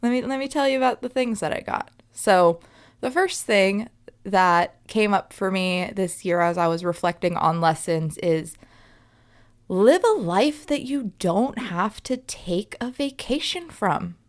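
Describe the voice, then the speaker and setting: A woman's voice: medium pitch, a little slow. A woman in her thirties hosting a solo podcast, reflecting in an emphatic, conversational way and often checking in with her listeners. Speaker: podcast host.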